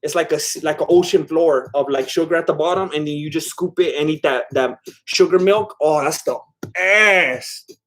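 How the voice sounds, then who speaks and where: A man's voice: a little high, moderate pace, fairly bright tone. Rambling man chatting on a live stream. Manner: rambling, filler-heavy, self-deprecating laughs. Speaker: streamer reading live chat. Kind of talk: casual live-stream chat.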